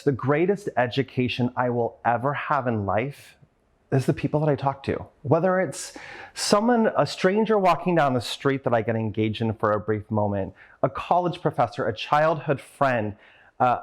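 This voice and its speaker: A man giving a motivational talk as a conference speaker, telling a personal story earnestly and with open emotion, and acting out the voices of the people in it. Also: medium pitch. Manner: earnest, openly emotional, acts out the voices in his stories.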